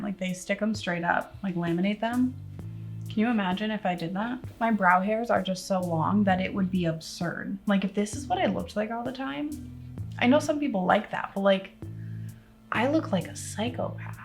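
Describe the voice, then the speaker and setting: A young woman vlogger chatting casually through a makeup tutorial, rambling and joking at her own expense as she talks to her viewers. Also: medium pitch. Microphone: camera on a tripod.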